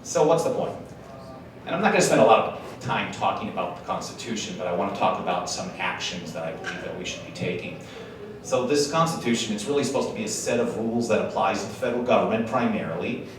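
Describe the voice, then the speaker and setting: Here the man from Wisconsin sounds fairly low-pitched, animated, and quick as he jokes his way through a conversational talk peppered with slangy asides for a conference audience. There's slight background noise, with the mic catching him from afar in an echoey, large conference hall.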